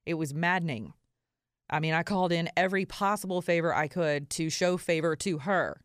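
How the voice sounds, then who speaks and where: A woman's voice: on the low side, moderate pace, no echo, studio quality. A woman hosting a podcast, talking casually with sarcastic asides and frequent laughter. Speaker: podcast host. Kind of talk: casual opinion talk.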